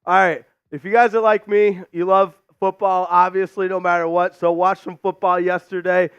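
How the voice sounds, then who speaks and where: A man's voice: high voice, flat delivery, moderate pace, smooth, no echo, lo-fi sound. A man hosting a live sports stream from a studio, out of breath after push-ups and hyping up the chat. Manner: hyped, shouting out chat names.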